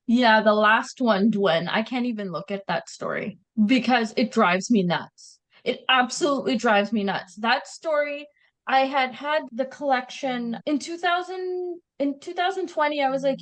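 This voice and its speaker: A woman's voice: high-pitched, normal speed, low-quality recording. A woman with a Canadian accent, a guest author chatting animatedly about her writing in an interview. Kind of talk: casual interview chat.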